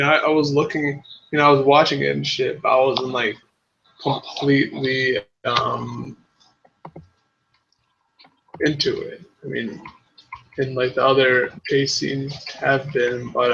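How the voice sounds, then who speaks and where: Male co-host, casual film chat, laid-back, swears a lot, halting ums, sharp bright tone. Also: medium pitch, creaky. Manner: laid-back, profane, hesitant with many ums. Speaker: podcast co-host. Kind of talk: casual movie review chat. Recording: dull lo-fi with faint hiss.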